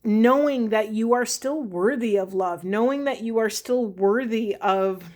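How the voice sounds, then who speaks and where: A woman's voice: on the high side, darkish tone. A woman reading tarot cards and musing aloud about their spiritual messages, often stopping to restart her sentences. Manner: thinking aloud, halting restarts. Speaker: tarot card reader.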